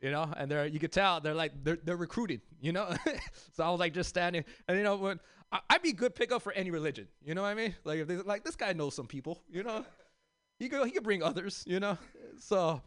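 Smooth-voiced man doing loose stand-up. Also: high voice, animated, brisk, a bit bright, no room sound, clean studio sound. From South Central Los Angeles. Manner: loose, conversational, addresses the crowd as "y'all"; rambling with many fillers and restarts. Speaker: stand-up comedian. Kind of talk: stand-up comedy set.

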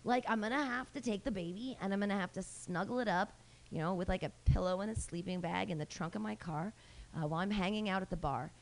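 A woman's voice: mid-range voice, fast talker. Brash, rambling woman doing stand-up. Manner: rambling, brash, self-mocking, with frequent fillers and restarts. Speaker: comedy host and stand-up comic. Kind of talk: stand-up comedy set. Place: small room at a live comedy show.

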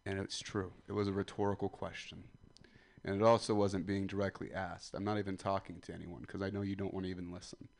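A man in his twenties doing a stand-up comedy set, ranting loudly at the crowd and then dropping to a mutter. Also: low voice, flat delivery, fast, creaky. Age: 20s. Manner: loud ranting crowd work, swings between yelling and muttering.

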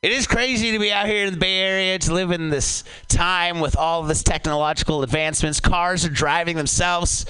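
A man performing a stand-up comedy set on a club stage, with an animated delivery that jumps suddenly up high. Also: normal speed, few pauses, clean tone, poor audio.

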